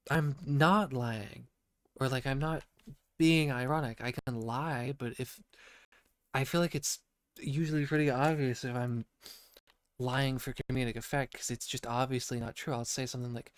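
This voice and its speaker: Croaky sick man rambling, dry sound. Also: mid-range voice, dry recording. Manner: rambling, profane, self-interrupting. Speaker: podcast host. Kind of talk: rambling casual monologue.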